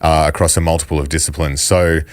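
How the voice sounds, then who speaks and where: A man co-hosting a finance podcast, relaxed and blunt, laughing often. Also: very deep voice, quick pace, no room sound. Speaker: podcast co-host. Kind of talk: casual chat.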